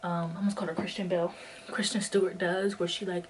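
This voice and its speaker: Vlogging on foot, a young woman in her twenties chats in a rambling, filler-heavy way, full of "like" and a bit out of breath. Her lowish voice keeps a level tone at a quick pace. There's faint ambience from a distant mic, plus a little hiss or hum.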